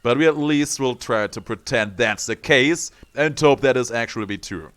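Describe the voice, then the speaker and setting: A man's voice: medium pitch, normal speed, a bit bright, clear, resonant tone. A man playing a video game, casually commenting and reading the game's text aloud in a playful, amused way. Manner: playful, amused, chuckles often. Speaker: gaming streamer.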